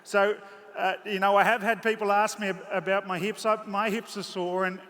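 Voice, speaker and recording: An Australian horseman talks to the crowd from the saddle in a high, bright voice, swinging between jokes and tearful warmth. His headset mic picks up the long echo of a big indoor arena with faint ambience behind. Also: level tone, moderate pace. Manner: emotional, joking, chatty storyteller. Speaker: horse trainer giving a clinic. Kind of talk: live clinic commentary from horseback.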